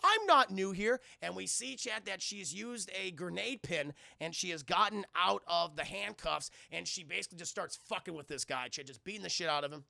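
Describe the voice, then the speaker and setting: Male streamer, bright gravelly voice, animated recap on a dry close mic. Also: sits high, no echo. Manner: animated, acts out lines in quick impressions, swears freely. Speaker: streamer reviewing a film. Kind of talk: casual spoiler recap to live chat.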